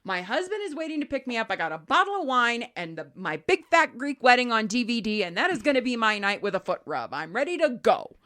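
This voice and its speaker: Animated woman podcast host. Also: fairly high pitch, brisk, few pauses. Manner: animated, acts out quoted voices. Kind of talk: casual chat, reading a listener email.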